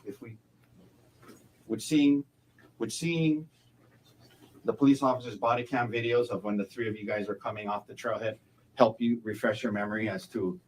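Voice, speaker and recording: A man as a defense attorney cross-examining a witness in court, halting and repeating words, closing each point with a leading question. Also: fairly low pitch, fairly even intonation, a little hiss or hum, low-quality recording.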